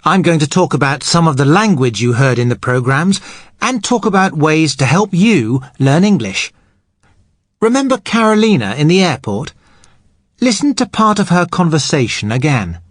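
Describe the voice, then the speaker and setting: A man teaching English on a podcast, explaining grammar patiently and clearly. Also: a little high, sing-song, moderate pace, no echo, studio quality. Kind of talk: explanatory language lesson.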